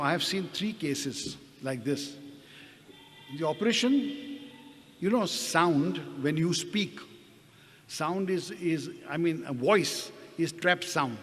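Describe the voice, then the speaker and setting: A man's voice: a little high, animated, slow pace, long pauses, fairly bright tone. An older man with an Indian accent, a doctor recounting his own experiences, hesitant and repeating words with apologetic asides. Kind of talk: personal testimony talk. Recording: reverberant hall, faint background noise.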